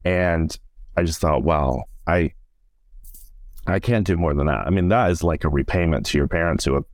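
A man's voice: rumbling low, normal speed, a little mellow, no room sound, studio quality. A middle-aged man, a stage performer, chatting animatedly in an interview and retelling moments with acted-out quotes and lots of "like". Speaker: guest, stage performer and director. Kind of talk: casual podcast interview storytelling.

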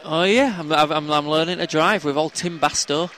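A man's voice: fairly high pitch, normal speed, sharp tone, slight background noise. Yorkshire man rambling on a fan podcast. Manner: rambling, jokey, laughs often. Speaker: podcast co-host. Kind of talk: casual chat.

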